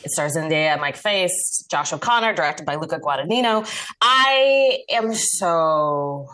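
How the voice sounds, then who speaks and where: A female culture critic speaks eagerly in a casual panel chat, plainly excited. Her voice sits somewhat low for a woman. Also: a little slow. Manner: enthusiastic, eager.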